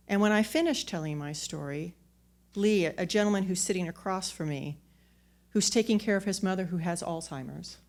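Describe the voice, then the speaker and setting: A woman's voice: lowish voice, a little mellow. A woman telling a personal story on a theater stage into a microphone, candid and self-mocking, often restarting her words.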